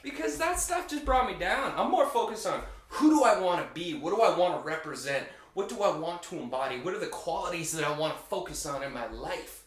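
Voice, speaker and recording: An enthusiastic man hosts a casual motivational vlog. He talks in an upbeat, animated way, with a fairly high voice. His voice rings in an echoey room. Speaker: vlogger.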